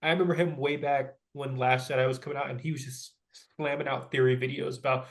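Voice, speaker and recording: A man's voice: mid-range voice, level tone, quick pace. A man co-hosting a movie podcast, ranting in a casual, exasperated way with lots of fillers. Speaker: podcast co-host.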